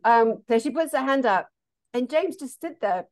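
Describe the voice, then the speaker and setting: A woman therapist telling stories in a casual conversation, animated and laughing often. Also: high-pitched, normal speed. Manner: animated, laughs often, acts out quoted voices. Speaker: therapist and meditation teacher.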